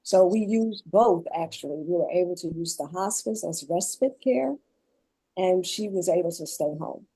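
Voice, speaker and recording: A woman guest on a panel, explaining her caregiving experience in earnest, measured phrases. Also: lowish voice, expressive, warm tone, husky, no echo, poor audio. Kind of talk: panel discussion.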